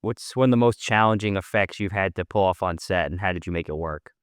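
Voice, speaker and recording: A male podcast host with a very deep, smooth, resonant voice asks brief, attentive interview questions. The sound is dry and close, with no room echo. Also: fast talker.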